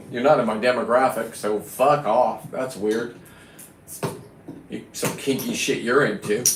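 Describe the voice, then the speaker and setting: A man's voice: medium pitch, fairly bright tone, a little hiss or hum. A middle-aged man rambling through a profane, boastful casual monologue to his viewers. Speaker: vlogger. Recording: echoey room.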